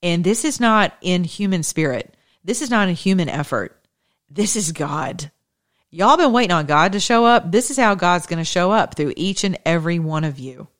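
A show host delivers a fervent call to action that blends politics with scripture, in a mid-pitched voice. The host drives each point home through emphatic repetition and a preacher's cadence. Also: fairly bright tone.

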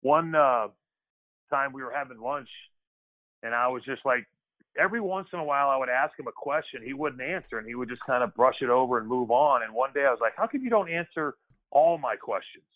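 A man's voice: medium pitch, brisk. A man spins easygoing stories from his playing days, talking loosely and circling back on himself mid-sentence. His voice sits in a middling range, and it arrives through a thin, phone-like line. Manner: conversational, loose, frequent restarts and "kid". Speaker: guest, former pro basketball player. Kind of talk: casual storytelling interview.

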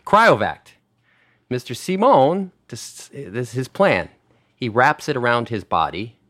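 A man's voice: mid-range voice, sing-song, a little slow, a bit bright, no echo, studio quality. A middle-aged man, a former wine director, telling rambling restaurant anecdotes in casual conversation, full of fillers and restarts. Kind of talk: casual podcast storytelling.

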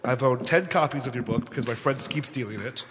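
A man's voice: mid-range voice, brisk, fairly bright tone, slight background noise. A man speaking from the audience at a live show, giving eager, rambling thanks. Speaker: audience member asking a question. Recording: theater reverb.

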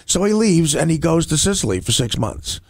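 Gravelly, fairly high male comedian guest, rambling storyteller, dry close sound. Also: sing-song, fairly quick, no echo. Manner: rambling anecdotes, acts out other people's voices. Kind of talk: storytelling on a talk show.

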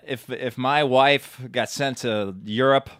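A man's voice: mid-range voice, steady tone, takes it slowly, a bit bright, clear, resonant tone, dry recording. A man who is a comedian guest on a podcast, laid-back and flippant in casual chat, laughing often into a studio mic.

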